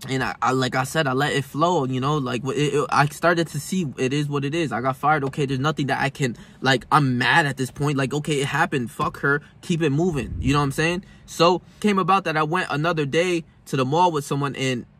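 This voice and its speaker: A man's voice: fairly high pitch, a little fast, hardly any pauses, fairly bright tone. A young man vlogging a personal story in casual, profane street slang, shifting between heated and subdued. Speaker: self-help vlogger.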